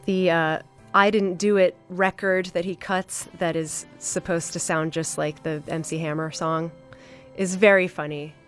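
Woman doing a podcast review, kinda low voice, lots of uh and like, faint music under it. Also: fairly even intonation. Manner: enthusiastic, lots of fillers and pauses. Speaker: podcast host. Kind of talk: casual review podcast monologue.

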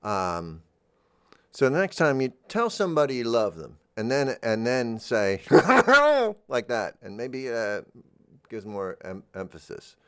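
A man hosting a freeform radio show from a studio, rambling gently in a musing monologue. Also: mid-range voice, expressive, a little slow, clean tone, dry recording. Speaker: radio host.

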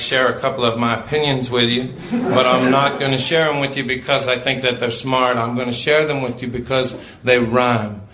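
A man's voice: mid-range voice, a bit bright, a little hiss or hum. A man talking plainly to his audience between songs, with laughs in his voice. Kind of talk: live stage banter. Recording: live show, echoey with crowd.

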